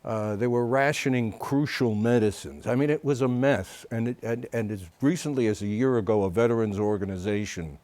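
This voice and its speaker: A man hosting a TV interview, asking a long, measured question with some hesitation. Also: mid-range voice, a little mellow, no echo. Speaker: TV interview host. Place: TV studio.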